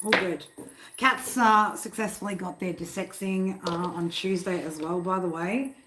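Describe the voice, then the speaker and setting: A woman's voice: on the low side, fairly even intonation, unhurried, pushed and bright, slight background noise. A woman hosting a live tarot stream from home, chatty and easygoing, swearing freely and laughing often. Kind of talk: casual live-stream chat. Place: home room.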